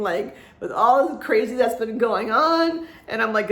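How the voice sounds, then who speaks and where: A woman's voice: a little high, big pitch swings, moderate pace, hardly any pauses, fairly bright tone. A woman talking through a casual personal vlog, rambling and chatty, with many fillers and frequent laughs. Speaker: vlogger. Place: at home, echoey room. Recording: echoey room.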